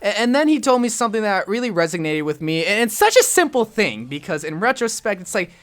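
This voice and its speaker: A man's voice: sits high, animated, a little fast, hardly any pauses, a bit bright, clear, resonant tone. A young man, a gaming YouTuber, telling a personal story in his vlog, earnest and self-deprecating.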